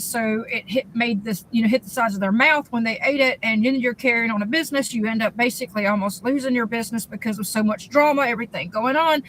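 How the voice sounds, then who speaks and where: A tearful woman speaks straight to her phone audience in a raw personal monologue. Her voice sits a little high, and she stumbles, repeats words and swears bluntly. A faint background hum stays under her voice. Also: a bit bright, rough recording. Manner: halting, repetitive, outspoken with profanity. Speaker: social media creator. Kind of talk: emotional personal video monologue.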